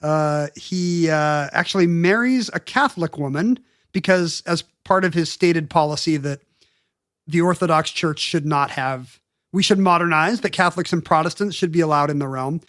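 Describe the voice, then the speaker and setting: A man co-hosting a podcast, telling a history story in a casual, jokey way with quick asides and brief put-on voices. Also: on the high side, fairly bright tone, no room sound, studio quality. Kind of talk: casual comedic history chat.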